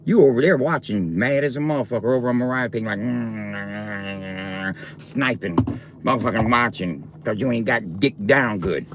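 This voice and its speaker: A man's voice: fairly low pitch, moderate pace, background noise. A man ranting on a livestream, taunting and confronting his viewers directly in a coarse, profane way.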